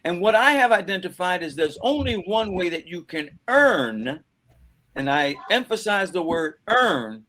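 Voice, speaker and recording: Animated storytelling man, slightly high voice. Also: unhurried. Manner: animated, repeats words, acts out quoted voices. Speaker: panel guest. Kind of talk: conversational storytelling. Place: bookstore event conversation.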